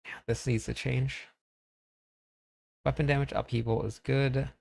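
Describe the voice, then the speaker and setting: Guy streaming a game, gravelly voice, chatty, thinks out loud, super dry close mic sound. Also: medium pitch, level tone, a little slow, no echo. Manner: chatty, thinks aloud and talks to chat. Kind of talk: casual live-stream commentary.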